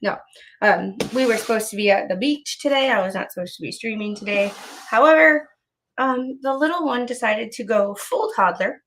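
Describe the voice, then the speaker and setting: A woman's voice: on the high side, normal speed, fairly bright tone, a little hiss or hum. A young woman, chatting casually on a livestream from home, frank and profane with many ums and restarts, a little out of breath. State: slightly out of breath. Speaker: live streamer.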